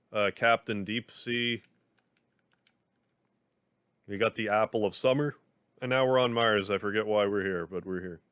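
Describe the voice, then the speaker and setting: A man with a somewhat low voice comments casually on a live game stream. He rambles and fills his talk with "like". The sound is dry and close, with no room echo. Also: fairly bright tone, clean tone. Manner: rambling, chatty, heavy use of "like". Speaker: gaming livestreamer. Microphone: desk microphone.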